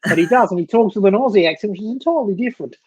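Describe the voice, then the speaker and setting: A man's voice: high voice, animated, racing, darkish tone, breathy edge, dry recording. A man co-hosting a football fan live stream, chatting casually and joking around, throwing in slang. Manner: chatty, jokey, drops in slang.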